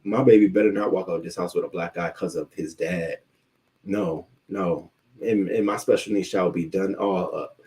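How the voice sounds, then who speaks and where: Man, livestream commentary host, very low voice, heated profane rants, loose unscripted delivery. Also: steady tone, normal speed, a little mellow. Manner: heated, profane ranting with many restarts. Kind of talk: unscripted commentary while reading live chat.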